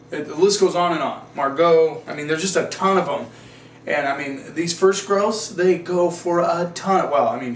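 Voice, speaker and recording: A man's voice: on the high side, slight background noise. A man hosting a wine tasting show, talking in a folksy, rambling way and often correcting himself. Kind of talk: casual wine tasting talk. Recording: roomy, distant mic, faint ambience.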